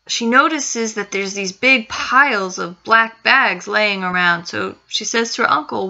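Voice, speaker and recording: Bright-voiced woman telling a suspenseful story. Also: mid-range voice, measured pace, vocal fry, hardly any pauses. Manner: suspenseful, repeats phrases for effect. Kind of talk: spoken story narration. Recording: dull lo-fi recording.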